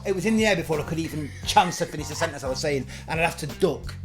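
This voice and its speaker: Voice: medium pitch, very fast, music in the background. A host, telling crude stories and giving blunt advice on a casual live chat show. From Moston, Manchester. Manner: crude, storytelling, swearing.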